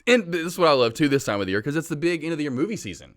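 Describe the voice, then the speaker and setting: A Southern-raised podcast co-host talks quickly in loose casual chat. His voice rises and falls a lot, jumping from loud bursts to quiet asides, and he laughs easily. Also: on the high side. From American South. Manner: animated, laughs often, swings loud and soft.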